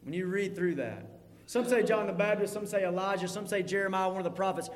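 A man preaching a sermon as pastor, emphatic and rising to fervent peaks before dropping low. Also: fast talker. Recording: long hall reverb.

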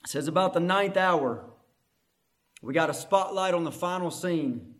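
High-voiced impassioned male preacher. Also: unhurried. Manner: swings between hushed reading and loud impassioned preaching. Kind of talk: sermon.

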